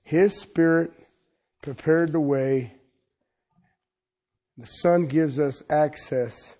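A man preaching a sermon in a folksy, humorous way, talking straight to his listeners and swinging between loud exclamations and quiet, intimate asides. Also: on the high side, drawn-out words.

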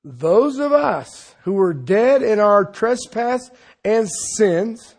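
Male preacher, sermon, gravelly voice, high pitch, folksy, loud and then hushed by turns. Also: expressive, slow pace. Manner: swings between loud exclamations and quiet intimate asides; folksy and humorous, addresses listeners directly.

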